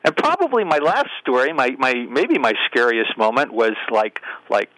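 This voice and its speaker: A man's voice: medium pitch, big pitch swings, moderate pace, a bit bright, no room sound, low-quality recording. Older man telling wry anecdotes. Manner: wry, anecdotal, self-deprecating. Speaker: interview guest. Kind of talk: casual storytelling.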